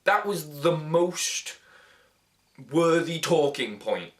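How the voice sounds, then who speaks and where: A man's voice: fairly high pitch, sing-song, drawn-out words. A young man casually reviewing a film, rambling and sarcastic, with lots of fillers and restarts.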